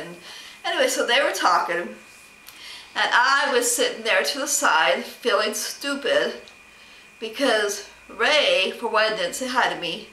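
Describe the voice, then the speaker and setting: A woman with a bright, sharp voice rambles through a story of being slighted, replaying every exchange. She sits back from the mic in an echoey room, and faint ambient noise runs under her. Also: a little high, expressive, unhurried, recorded from a distance. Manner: rambling, aggrieved retelling with many quoted exchanges. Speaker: vlogger. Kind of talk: casual personal storytelling vlog.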